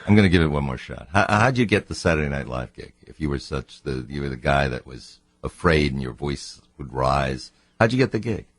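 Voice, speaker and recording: Deep, lively male radio host. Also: brisk, few pauses, no room sound. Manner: teasing, joking, prompting listeners. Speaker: radio talk show host. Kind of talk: casual radio interview. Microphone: studio microphone.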